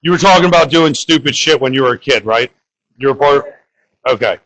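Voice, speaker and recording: A man's voice: mid-range voice, a little fast, a bit bright, poor audio. A young man from the Bronx doing crude, rambling open-mic stand-up and talking to the crowd. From New York (the Bronx). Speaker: stand-up comedian.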